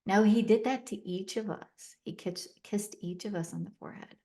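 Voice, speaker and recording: A woman's voice: mid-range voice, normal speed, mellow. A middle-aged woman telling a personal story as a podcast guest, recounting events vividly and acting out the dialogue with emotion.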